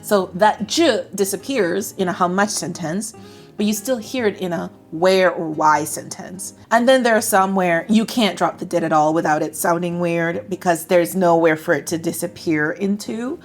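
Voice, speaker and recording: A woman's voice: fairly low pitch, normal speed, soft background music. A woman with an American accent teaching English to camera in a chatty, upbeat way. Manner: chatty, upbeat, acts out example phrases. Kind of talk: explaining lesson to camera.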